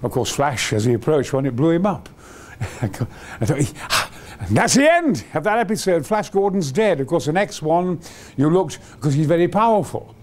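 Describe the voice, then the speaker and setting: A man's voice: fairly high pitch, very animated, a little fast, a little mellow. A man in his eighties reminiscing in a rambling, digressive and enthusiastic way, jumping between stories. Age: 80s. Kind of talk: reminiscing storytelling.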